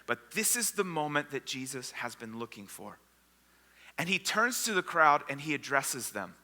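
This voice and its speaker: Pastor guy preaching, high voice, super bright, big hall echo, acts out the story. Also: sing-song, moderate pace. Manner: storytelling, acting out the disciples and crowd. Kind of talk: sermon. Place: church sanctuary. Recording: long hall reverb.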